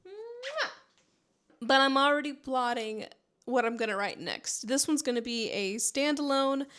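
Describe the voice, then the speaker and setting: A woman's voice: fairly high pitch, moderate pace, fairly bright tone, clear, resonant tone. A young woman from Panama, a novelist, chatting enthusiastically about her book in a rambling writing vlog from her home computer room.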